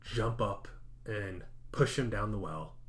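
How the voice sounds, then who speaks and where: A man co-hosting a podcast, casually recapping a horror film in animated storytelling that acts out quotes. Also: on the low side, slow pace, heavy background noise. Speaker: podcast co-host.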